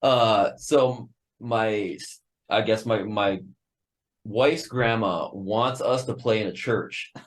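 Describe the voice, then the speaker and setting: Excitable profane metal band man. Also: fairly low pitch, takes it slowly. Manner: excitable, profane, laughs often. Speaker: metal band member, guest. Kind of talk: casual podcast interview.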